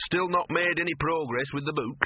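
A man's voice: a little high, fairly quick, slightly rough, dry recording, pitched above the performer's own voice. A man voicing a scruffy, cynical talking male dog with a smug, streetwise manner. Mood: scheming. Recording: narrow phone-like audio.

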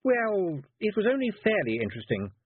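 A woman's voice: medium pitch, sing-song, brisk, breathy edge, dry recording, voice pushed up. A man voicing a prim, nosy witch woman in a sticky, sweet voice for a storybook reading. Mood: coy. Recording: tinny phone-like dry sound.

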